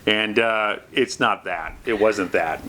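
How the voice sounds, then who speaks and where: A man's voice: slow pace, bright, forceful tone, slight background noise. A man co-hosting a casual talk show with his wife, joking around playfully. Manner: jokey, playful, bursts of high emphasis. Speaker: co-host.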